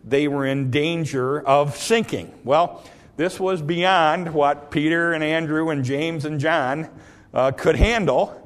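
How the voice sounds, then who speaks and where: A man preaching a sermon, telling the story in a folksy way with many fillers and restarts, now and then bursting into loud dramatic quotes. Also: fairly high pitch, slow. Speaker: pastor.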